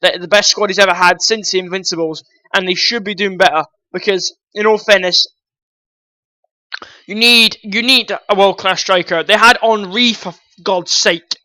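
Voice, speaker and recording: A man with a high, bright, sharp-edged voice rants about football transfers, blunt and quick to swear. He talks straight at his viewers, calling them guys. The sound is close and dry, with no room around it. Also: fairly even intonation, no room sound, poor audio. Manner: blunt, ranting, swears freely. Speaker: football vlogger. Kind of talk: opinionated transfer-news rant.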